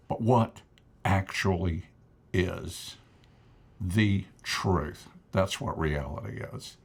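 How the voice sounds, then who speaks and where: A man's voice: low voice, animated, slow pace, pauses often. A man co-hosting a TV talk show, explaining his ideas emphatically with joking asides. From United States. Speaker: co-host and author. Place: local TV studio.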